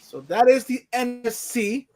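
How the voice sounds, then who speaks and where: A man's voice: extremely high pitch, lively intonation, measured pace, a little mellow, slight background noise, rough recording. A man hosting a casual sports panel, steering the rundown in an upbeat, easygoing way. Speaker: host.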